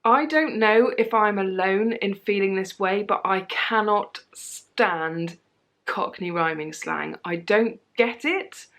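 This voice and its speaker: A young British woman with a British accent talks to her viewers in a relaxed, chatty vlog. She sounds animated and laughs easily between her answers. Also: mid-range voice, slow pace. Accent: British English. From Britain. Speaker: vlogger. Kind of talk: casual chatty tag video.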